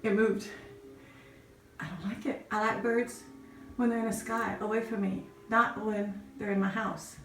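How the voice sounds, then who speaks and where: Woman, casual home vlog, excitable, flustered, breathless, echoey room, faint background hiss. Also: mid-range voice, unhurried. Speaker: vlogger. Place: inside a house.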